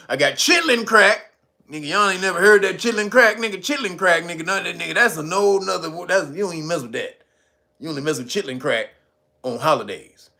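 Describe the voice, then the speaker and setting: A man's voice: on the high side, gravelly. A man giving casual comedic commentary, swearing freely and laughing constantly. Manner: profane, laughs constantly, animated.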